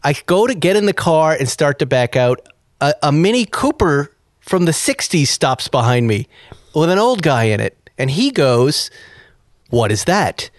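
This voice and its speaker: A man's voice: on the high side, moderate pace, dry recording, clean studio sound. A man hosting a podcast, telling a casual story with energy and acting out the people and sounds in it. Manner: animated anecdote-telling, acts out dialogue and beeps. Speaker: podcast host.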